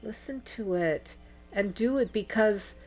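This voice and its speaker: Woman doing a steady, wise storyteller. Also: mid-range voice, a little slow, soft background music, pitched above the performer's own voice. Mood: firm. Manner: steady, firm.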